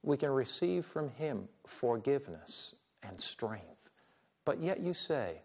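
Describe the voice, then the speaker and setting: A male preacher and host speaking in an earnest, sermon-style delivery. His voice is grainy, with a gravelly fry at the ends of phrases. He teaches and tells stories in a steady, pastoral way. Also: medium pitch, slow.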